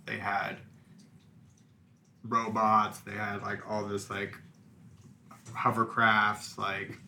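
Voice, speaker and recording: A man's voice: fairly low pitch, bright, forceful tone, slight background noise. A man co-hosting a casual podcast chat, telling a story in a rambling way full of fillers. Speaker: podcast co-host.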